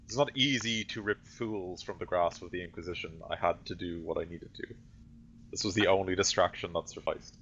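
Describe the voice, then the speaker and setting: A man's voice: deep voice, brisk, fairly bright tone, muffled recording, slight background noise. A man voicing a ruthless, scheming hooded woman in a tabletop role-play game, speaking curtly and dismissively. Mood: cold. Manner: curt, dismissive.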